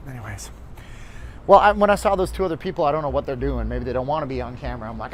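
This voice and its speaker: A man's voice: medium pitch, very fast, a little hiss or hum. A man hosting a casual walking livestream outdoors, rambling and chatting with his viewers. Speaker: livestream host. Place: outdoors on a city street, walking.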